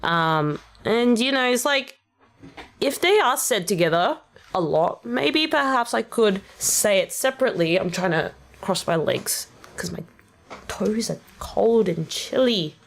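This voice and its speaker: A woman's voice: mid-range voice, animated, a little slow, vocal fry. A young woman with a general Australian accent, chatting casually and rambling with many fillers as she explains her rap lyrics on a stream. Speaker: VTuber streamer. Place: at home on a rainy day.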